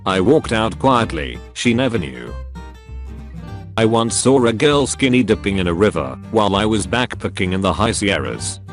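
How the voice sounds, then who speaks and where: A man narrating online posts in an even, matter-of-fact scripted reading. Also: fairly low pitch. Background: faint guitar music.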